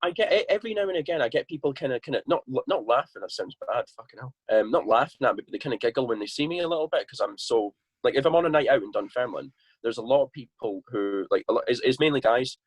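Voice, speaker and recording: Fast-talking young man, husky. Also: mid-range voice, animated, no echo. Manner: swears freely, quick chatty storytelling. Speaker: band member guest. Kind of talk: casual podcast chat.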